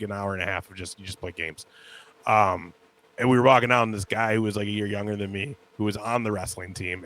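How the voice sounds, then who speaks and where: Low-voiced man telling rambling stories. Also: a bit bright. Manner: rambling storyteller with many "like" fillers. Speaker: podcast co-host. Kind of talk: casual chat.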